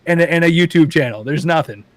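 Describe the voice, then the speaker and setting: A man's voice: on the high side, fast. A man guest on a podcast, chatting casually and animatedly, acting out quoted voices as he tells stories. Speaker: paintball YouTube creator, guest.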